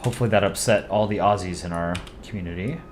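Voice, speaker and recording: Relaxed young man chatting while drawing. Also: sits low, fast, a little hiss or hum. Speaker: streamer drawing live. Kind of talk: casual livestream chat.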